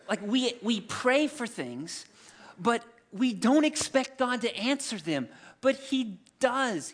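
A man in his thirties preaching a sermon, telling scripture stories in a lively, humorous way and acting out the characters. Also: very high voice. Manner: animated storytelling, acts out scripture characters with humor. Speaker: pastor.

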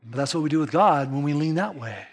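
A man preaching a sermon, lively and emphatic, acting out quoted voices and dropping to a hush for emphasis. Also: on the high side, fast. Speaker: pastor.

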